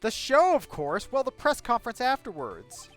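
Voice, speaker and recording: A man voicing a cranky, nosy old woman from a game who scolds and rambles in a shrill, bossy way. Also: huge pitch swings, moderate pace, fairly bright tone, faint music behind, full character voice. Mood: haughty.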